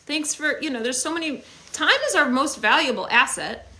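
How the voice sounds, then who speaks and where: Young female streamer, phone mic, chatty and upbeat, a bit high-pitched. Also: moderate pace, sharp tone. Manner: chatty and upbeat, thanking viewers with many fillers. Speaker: livestream host. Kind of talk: casual livestream chat with viewers.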